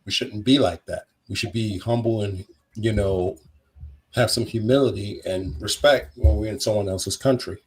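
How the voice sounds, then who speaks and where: Earnest man with a husky low voice. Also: normal speed, poor audio. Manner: earnest, moralizing. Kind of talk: live-stream discussion.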